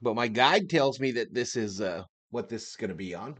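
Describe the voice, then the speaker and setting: A man hosting a live sports stream, chatting in an upbeat, slangy way and giving shout-outs to his chat. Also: mid-range voice, expressive, normal speed, slightly rough.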